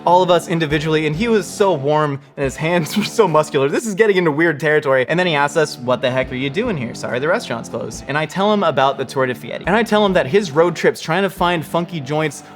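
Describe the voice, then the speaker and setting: Male host spinning an animated personal yarn over soft music, mid-high voice. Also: fast, hardly any pauses. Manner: lively, acts out quoted voices. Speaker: host telling a personal story. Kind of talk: animated storytelling to camera.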